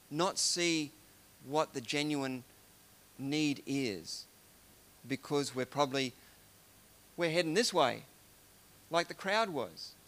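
A man's voice: a little high, bright, forceful tone. A man giving an informal devotional talk, musing aloud and retelling scripture in everyday words. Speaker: preacher.

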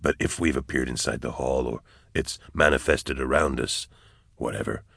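A man voicing a calm, hardened soldier who speaks low, hushed and terse. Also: moderate pace, vocal fry, slightly rough, no room sound, studio quality, exaggerated voice. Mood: steady.

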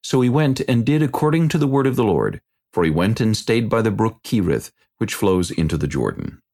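A man with a low voice that has a gravelly edge narrates scripture in a deliberate, measured way. His pitch rises and falls a lot as he reads. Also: big pitch swings, a little mellow.

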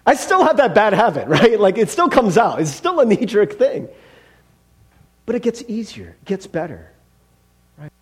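A male pastor with a high, husky voice preaches a conversational sermon. He keeps checking in with "right?" and acts out the outbursts of angry drivers.

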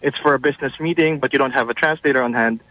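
A man calling in to a radio show to pitch an idea, hesitant and restarting often. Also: very fast, bright, forceful tone, no echo, rough recording. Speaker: caller.

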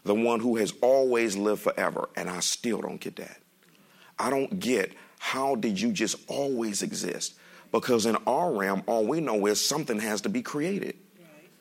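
Man, pastor, sermon, gravelly, animated, joking, church. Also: on the low side, normal speed. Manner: animated, joking, speaks with the congregation. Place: church sanctuary.

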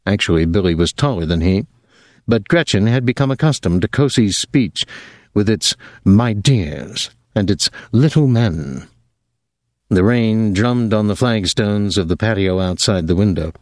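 Low-voiced male audiobook narrator. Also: moderate pace, no echo. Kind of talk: scripted narration.

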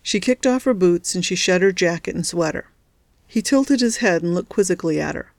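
The novel is narrated by a woman, an audiobook narrator whose voice leans low, reading scripted text in an even, measured storytelling tone. The recording is studio quality, with no echo.

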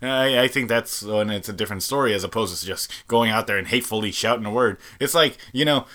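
A man's voice: fairly low pitch, fast talker, pushed and bright. A man co-hosting a casual podcast chat, blunt and profane, giving strong opinions. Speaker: podcast co-host.

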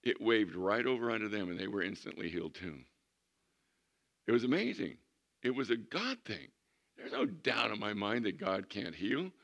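Gravelly, bright-voiced male pastor storytelling. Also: on the low side, moderate pace, lo-fi sound. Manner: animated storyteller acting out quotes. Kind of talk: sermon storytelling.

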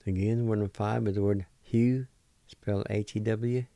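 Male radio host, language teacher; patient and encouraging, mellow tone, dry close sound. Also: fairly low pitch, steady tone, normal speed, vocal fry, no echo. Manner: patient, spells words letter by letter and repeats them. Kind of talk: slow spelling and pronunciation lesson.

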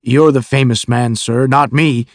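A man's voice: medium pitch, fairly even intonation, a little slow, no room sound, lightly acted. A man voicing a tall, strong young police officer who speaks modestly and respectfully.

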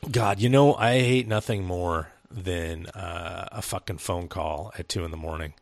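A man with a low, gravelly voice rambles through a casual podcast chat. He tells his story in fits and starts, with fillers, restarts and swearing. The sound is dry and close, with no room in it. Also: steady tone, measured pace, no room sound. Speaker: podcast co-host.

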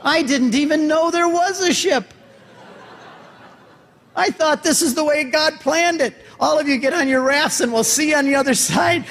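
A man with a high voice gives a dramatic, storytelling talk in a large hall, and he jumps between voices as he acts out each exchange. His words ring out with a long reverb tail behind them. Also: normal speed, a bit bright, a little hiss or hum. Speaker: speaker and convert giving a talk.

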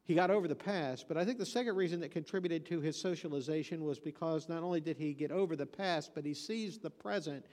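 A man's voice: a little high, quick pace, few pauses, a little mellow, long reverb tail. A man preaching a sermon, telling folksy stories and joking, then hammering points home with emphatic repetition. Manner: folksy storytelling with joke delivery.

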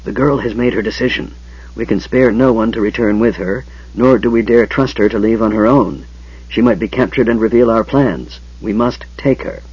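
A man voicing a frail male mage who wheezes and whispers, speaking with cold, measured logic. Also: lowish voice, a little mellow, slightly rough. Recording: dull lo-fi sound.

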